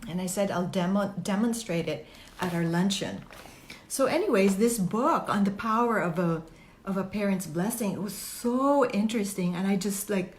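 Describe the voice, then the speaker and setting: A woman host talking earnestly and personally in a casual, rambling way, with fillers and restarts. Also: mid-range voice. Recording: echoey room.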